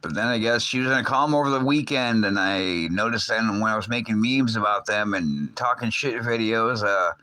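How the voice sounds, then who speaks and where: A man chats on his livestream in a loose, rambling way, full of fillers and casual swearing. His voice is bright and forward. The sound is close and dry, with no room around it. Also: lowish voice, normal speed, few pauses, no room sound. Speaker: livestream host.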